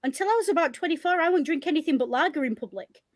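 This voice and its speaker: A woman with a Yorkshire accent, co-hosting a casual podcast chat, lively and blunt, laughing often and swearing freely. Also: high voice, racing, dry recording. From Northern England. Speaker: podcast co-host.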